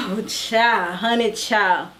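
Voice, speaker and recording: Chatty woman with a higher voice. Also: very slow. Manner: animated, slangy, chatty. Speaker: reality TV reviewer. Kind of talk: casual recap vlog.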